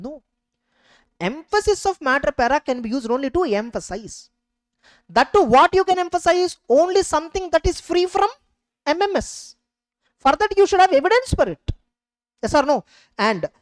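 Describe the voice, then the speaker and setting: Emphatic higher-pitched woman teacher. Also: no echo. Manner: emphatic, keeps asking students rhetorical check questions. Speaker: exam coaching teacher. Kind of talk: exam revision lecture.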